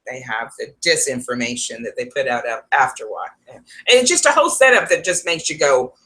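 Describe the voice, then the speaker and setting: A woman's voice: rumbling low, animated, fairly quick, pushed and bright. A woman psychic advisor talking to her viewers in a casual, rambling vlog, laughing often.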